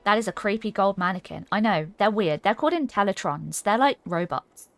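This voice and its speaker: A woman's voice: medium pitch, animated, a little fast, soft background music. Giggly woman streamer chatting. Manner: chatty and giggly, reads chat aloud. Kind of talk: casual live-stream chat while gaming.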